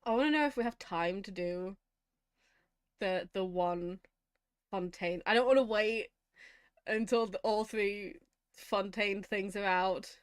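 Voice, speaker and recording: A woman's voice: medium pitch, unhurried, long pauses, clear, resonant tone, dry recording, studio quality. A woman streaming a video game, chatting casually and rambling between laughs. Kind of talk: casual gameplay commentary.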